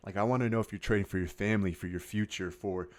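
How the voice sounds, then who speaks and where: A day trader talks casually about the markets in a fairly low, steady voice at a quick pace. At times he mumbles quietly over his charts, and at others he erupts into a loud pep talk laced with swearing.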